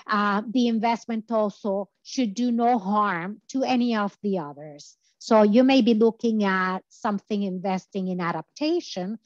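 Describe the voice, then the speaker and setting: Woman lecturing over slides, mid pitch, lots of uhs, dry slightly dull audio. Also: no room sound. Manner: explanatory, many filler uhs. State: tired voice from talking all day. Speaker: guest lecturer.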